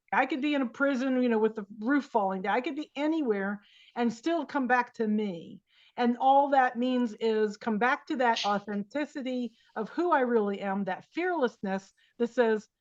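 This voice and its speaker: A woman's voice: a little high, lo-fi sound. A woman guest, a life coach, speaking earnestly in an interview and repeating phrases for emphasis. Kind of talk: reflective interview talk.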